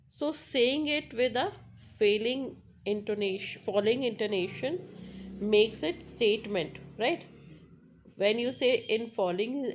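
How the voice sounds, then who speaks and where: Slow-speaking woman teaching a lesson. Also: medium pitch, darkish tone. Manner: slow and repetitive, explaining with many pauses and fillers. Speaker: English teacher. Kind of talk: classroom lecture.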